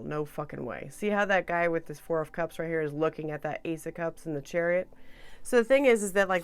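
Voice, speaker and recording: A woman reading tarot cards to camera in a chatty, soothing way, trailing off soft and then rising loud again. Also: lowish voice, clear, resonant tone. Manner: chatty and soothing, with frequent restarts and swings between soft and loud. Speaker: tarot reader.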